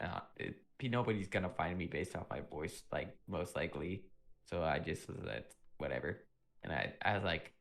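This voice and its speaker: Deep gravelly young man streaming. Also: a little fast, a bit bright. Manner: rambling, laid-back storytelling with frequent throat clearing. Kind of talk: casual chat while streaming.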